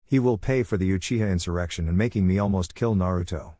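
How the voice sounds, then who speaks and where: A man voicing a cold, vengeful young male ninja with a flat, hard delivery. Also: low voice, fast talker, no room sound, studio quality, lightly acted.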